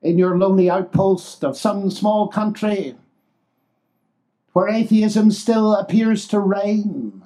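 An older man preaching a sermon, expressive and exclamatory, swinging between loud declarations and hushed asides. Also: sits high, takes it slowly.

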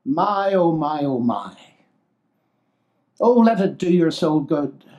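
An older man preaching a sermon, expressive and exclamatory, swinging between loud declarations and hushed asides. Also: on the high side, slow, highs cut off.

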